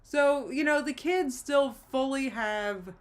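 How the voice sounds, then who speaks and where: A woman's voice: high-pitched, slow. Woman on a live stream just chatting, rambly, keeps restarting, kinda emotional and nostalgic, reads out chat. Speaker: livestream host.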